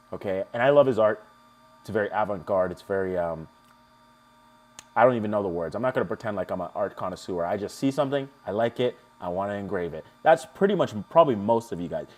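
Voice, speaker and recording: A young man hosting a live stream, chatting casually and joking with viewers as he walks through a software tutorial. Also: fairly low pitch. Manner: chatty, jokey, talks to chat viewers.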